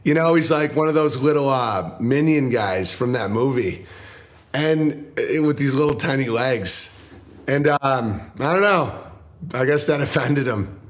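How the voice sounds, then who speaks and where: A male comedian guest telling profane, animated stories in casual interview chat, laughing often. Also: mid-range voice, unhurried.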